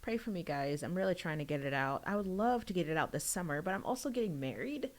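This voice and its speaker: Chatty young woman streaming her book. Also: fast talker. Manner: chatty, giggly and rambling, with sudden high excited bursts. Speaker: author streaming a book reading. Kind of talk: casual livestream chat.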